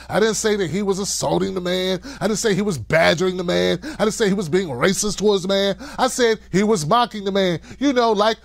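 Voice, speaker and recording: A man's voice: high-pitched, no echo, studio quality. A man hosting a political commentary show, talking in an emphatic, sarcastic monologue.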